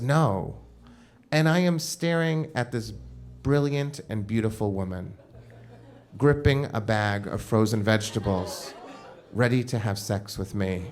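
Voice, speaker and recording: A man telling a personal story on stage at a live show, casual and comic, with frequent "like" fillers. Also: medium pitch. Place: live show at a club venue.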